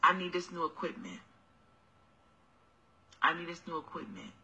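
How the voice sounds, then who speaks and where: Woman as smooth-talking deadbeat guy begging for tax money, low and wheedling, sharp tone. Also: normal speed, poor audio.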